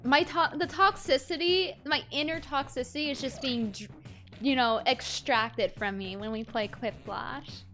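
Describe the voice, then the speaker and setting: High-voiced woman streamer, teasing. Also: unhurried, fairly bright tone. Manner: rambling, teasing, bursts of mock outrage. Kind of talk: casual livestream chat. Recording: game music playing behind her.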